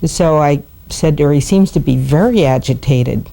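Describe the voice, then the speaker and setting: A woman animal communicator calmly recounting her sessions in a documentary interview. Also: deep voice, normal speed, gravelly.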